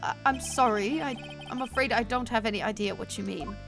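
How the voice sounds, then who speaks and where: A woman's voice: brisk, creaky, over music. A woman voicing a nervous, eager young man who confesses to being a thief, stammering in a put-on British accent. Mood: anxious. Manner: high, stammering, overexcited. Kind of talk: game dialogue read aloud on a stream.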